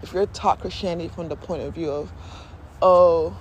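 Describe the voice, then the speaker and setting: A podcast host with a mid-range, somewhat dark voice talks fast in a casual spiritual monologue, with slight background noise behind. The host speaks candidly and emotionally, laughs often, and acts out inner voices.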